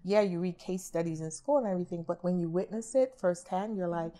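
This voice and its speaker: A woman's voice: on the low side, fairly quick, warm tone. A middle-aged woman, an art therapist, talking casually in a podcast interview and acting out quoted remarks. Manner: chatty, acts out quoted remarks.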